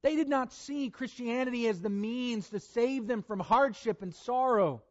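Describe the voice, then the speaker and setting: A man with a high voice delivers a sermon, reading scripture in a deliberate, emphatic way. The recording sounds dull and lo-fi. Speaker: preacher.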